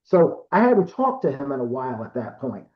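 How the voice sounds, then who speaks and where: A man's voice: mid-range voice, very animated, normal speed. A man in his fifties from Rhode Island, telling stories as a guest in a casual, rambling way with lots of fillers and self-corrections. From Rhode Island, USA. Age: 50s. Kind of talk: casual storytelling. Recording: roomy, dull lo-fi call audio.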